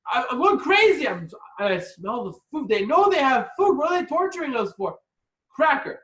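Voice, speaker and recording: A man's voice: high-pitched, sing-song, fast, fairly bright tone, roomy sound, distant mic, full character voice, low-quality recording. A man voicing a starving, frantic grown man who rants with rising exasperation at a long dinner.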